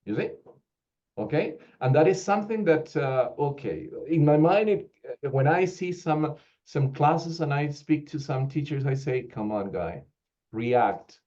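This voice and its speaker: A man from Peru leads an online teacher training session, firing rhetorical questions at his audience. His voice is mellow and low in brightness. The call audio sounds slightly dull and lo-fi. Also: normal speed. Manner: animated, rhetorical questions, acts out quoted teachers. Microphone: video call.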